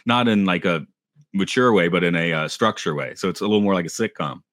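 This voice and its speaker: A man's voice: deep voice, quick pace, a bit bright, no echo. A man co-hosting a podcast in casual chat, rambling, correcting himself and laughing easily. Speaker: podcast co-host.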